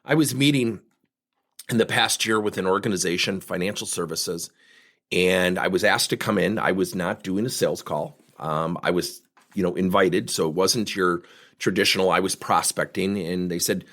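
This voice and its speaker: A man's voice: low-pitched, normal speed. A man coaching on sales, telling a story and acting out the people in it. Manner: animated, acts out quoted voices. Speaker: sales coach, podcast host. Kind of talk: storytelling talk.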